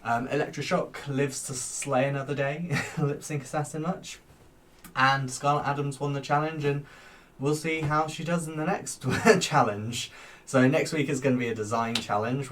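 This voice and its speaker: A man's voice: medium pitch, recorded from a distance. A man who performs as a drag queen, chatting casually from a home office as he reviews a TV show, bubbly and giggly with lots of rambling fillers.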